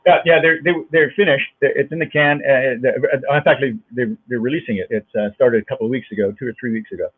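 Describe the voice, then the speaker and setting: A man's voice: medium pitch, steady tone, fast talker, hardly any pauses, slightly rough. A male actor and dialect coach, a guest on a video-call interview, talking in a rambling way with many restarts. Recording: tinny lo-fi video call audio.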